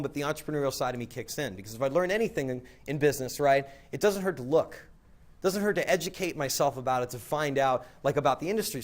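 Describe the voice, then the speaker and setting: Fast-talking man telling a rambling story. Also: mid-range voice. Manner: rambling, peppered with "like" and "right?". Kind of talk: casual anecdotal storytelling.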